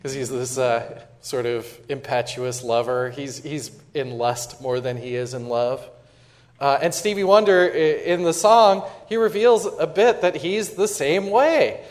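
A man's voice: medium pitch, a little slow. A man preaching a sermon in a casual, conversational way, often repeating words as he restarts. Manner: conversational, self-interrupting with repeated words and fillers; dramatic recitation of quoted verse. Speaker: pastor.

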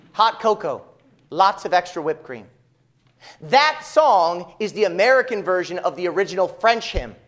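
Male preacher, high and animated, building a sermon through emphatic repeated phrases. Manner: emphatic preaching with rhetorical repetition. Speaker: pastor.

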